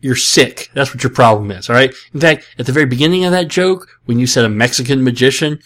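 A man's voice: mid-range voice, quick pace, a bit bright. Sarcastic, rambling man hosting a podcast. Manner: sarcastic, self-mocking, rambling asides. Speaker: podcast host answering listener questions. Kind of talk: casual comedic chat.

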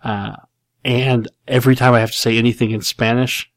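A man's voice: medium pitch, flat delivery, brisk, no room sound. A man in his forties hosting a casual show, reading out listener questions and answering them in a rambling, self-deprecating way with frequent chuckles. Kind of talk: casual chat.

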